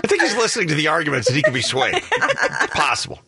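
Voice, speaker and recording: Lively teasing male radio host. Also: on the high side, a loud crowd. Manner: teasing, mock-exasperated, quick jokes. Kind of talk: bantering morning show chat.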